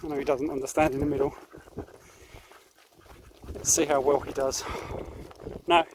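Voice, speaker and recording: A man vlogging a dog walk, explaining calmly and giving firm commands to his dog. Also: fairly high pitch, moderate pace, background noise. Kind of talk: casual vlog narration while walking a dog. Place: outdoors in fields and paddocks. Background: light outdoor ambience.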